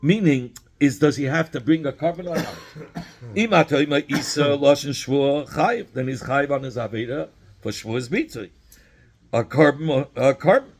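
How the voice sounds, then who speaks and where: A man's voice: on the high side, moderate pace, breathy edge. A man teaching a Talmud study lesson, explaining by repeating phrases and asking questions, mixing in Hebrew and Yiddish terms.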